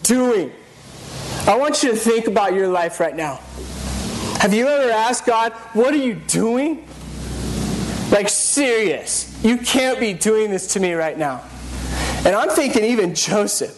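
A young adult man preaching a conversational sermon to his church, acting out the thoughts of biblical figures in a casual, animated way. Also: high-pitched, measured pace, background noise. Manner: lively, conversational preaching with acted-out inner monologues.

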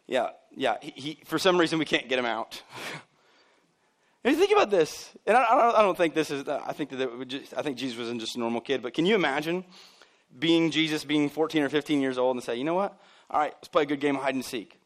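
Brief: male pastor in church, fairly high voice, casual humor, acts out quoted voices. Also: lively intonation, brisk. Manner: conversational and joking, acts out voices of people he quotes. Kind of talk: sermon.

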